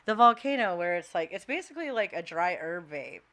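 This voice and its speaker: A woman's voice: fairly low pitch, sing-song, brisk, a bit bright. A woman in her forties with a St. Louis accent, telling stories in a casual podcast chat with lots of fillers and laughs. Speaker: podcast guest.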